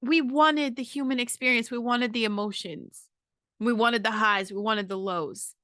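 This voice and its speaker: Bright, punchy woman ranting with profanity. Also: a little high, steady tone, moderate pace, no echo, clean studio sound. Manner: emphatic, profane, keeps asking "okay?". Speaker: podcast host. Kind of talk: casual monologue.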